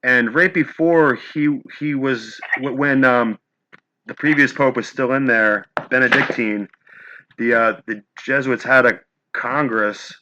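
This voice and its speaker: A man's voice: medium pitch, measured pace, sharp tone, lo-fi sound, slight background noise. A man hosting an interview, asking long, hesitant, searching questions. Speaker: host. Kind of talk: conversational interview.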